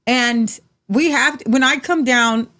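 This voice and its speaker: Casting note: blunt woman co-host, fairly high voice, cuts in with strong opinions. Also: slow, sharp tone. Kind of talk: casual political chat show.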